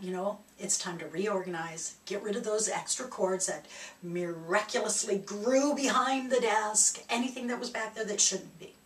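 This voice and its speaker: A woman shares a reflective personal story as a spiritual speaker. Her delivery is animated, with laughs along the way. Her mid-pitched voice sits back from the mic in a roomy, echoing space. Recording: echoey room, distant mic.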